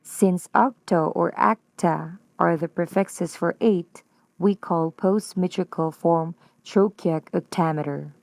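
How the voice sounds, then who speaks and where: A woman with a Filipino accent reads a prepared lesson at a slow, deliberate pace. Her voice sits a little low and mellow, recorded dry and close. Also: creaky, dry recording. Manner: slow, careful, deliberate reading. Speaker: student presenter.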